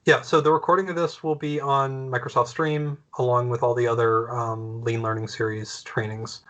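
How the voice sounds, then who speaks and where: A man presenting an online training on a video call, relaxed and friendly, losing his voice. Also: mid-range voice, moderate pace, dull audio.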